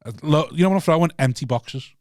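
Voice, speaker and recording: A man with a Liverpool accent telling a sweary, animated story on a podcast, acting out his own shouting. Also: fairly high pitch, fast, no echo, clean studio sound. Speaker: podcast co-host and stand-up comedian. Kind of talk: casual chat, storytelling rant. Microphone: studio mic.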